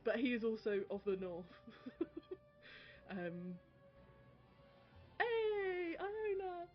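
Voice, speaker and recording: A woman's voice: mid-range voice, slow pace, soft background music. A woman streaming a video game, chatting casually and laughing often while greeting viewers by name. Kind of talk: casual live-stream chat while gaming. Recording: dull audio with loud background noise.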